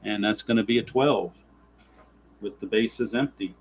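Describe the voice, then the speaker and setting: A lower-voiced man calls a tabletop baseball game play by play, reading out dice results. He grumbles and turns sarcastic whenever the rolls go against him. A faint hiss of background noise sits under his voice. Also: unhurried. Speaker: tabletop baseball simulation player narrating. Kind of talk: play-by-play style game narration.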